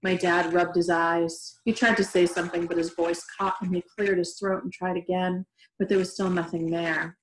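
A woman reading a novel aloud in a steady, gentle way, in an echoey room. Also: on the low side, normal speed. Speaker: reader. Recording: roomy echoey room recording.

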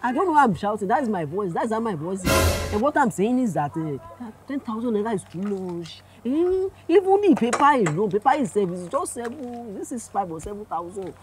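A man's voice: high voice, very animated, fairly quick, background noise. A man with a Nigerian accent playing a flustered older driver who stammers and pleads with a policeman in a comedy skit. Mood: pleading.

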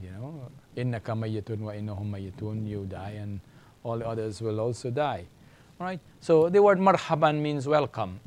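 A middle-aged man teaching an Arabic lesson, speaking slowly and repeating words for learners. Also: fairly low pitch, slight background noise. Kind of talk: classroom language lesson.

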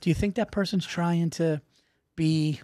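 High-voiced man on a dry mic. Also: fairly even intonation, measured pace, mellow, dry recording. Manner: emphatic, repeats his verdicts. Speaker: podcast co-host. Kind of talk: casual comedic podcast chat.

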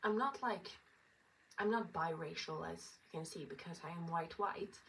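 A woman's voice: on the low side, normal speed, vocal fry, fairly bright tone. A young woman vlogging while getting ready, rambling with lots of fillers and little laughs. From France and Norway. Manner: rambling, filler-heavy, self-amused. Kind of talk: get-ready-with-me chat. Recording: distant mic with faint ambience.

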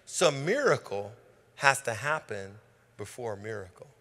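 A man's voice: on the low side, sing-song, moderate pace, fairly bright tone. A male pastor preaching a rousing sermon with call-and-response, recorded on a stage microphone in a church sanctuary. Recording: long reverb of a church hall.

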